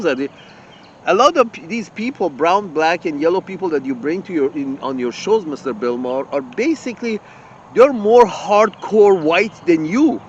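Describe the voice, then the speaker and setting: A man with a high voice rants indignantly and swears freely, stumbling over words and restarting sentences. The audio sounds muffled, with faint traffic and vehicle noise from the street behind him. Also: expressive, moderate pace. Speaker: channel host. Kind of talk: ranting open-letter monologue.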